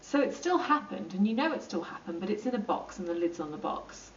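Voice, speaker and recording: A woman's voice: medium pitch, very animated, a little hiss or hum. Chatty woman teaching in an echoey room. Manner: chatty, with many ums and quick acted-out asides. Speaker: psychology teacher. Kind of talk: informal lesson explaining to camera. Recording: roomy, distant and dull.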